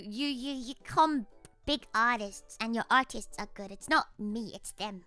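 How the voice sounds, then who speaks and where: A woman's voice: on the high side, measured pace, pushed and bright, dry recording, soft background music. A young woman who is a virtual idol, chatting casually with viewers on a livestream in a playful, teasing, mock-grumpy way and dropping in Japanese phrases.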